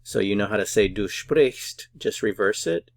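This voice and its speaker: A man's voice: lowish voice, expressive, normal speed, creaky. A man teaching a beginner German lesson, patiently drilling words syllable by syllable. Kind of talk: slow, careful pronunciation lesson.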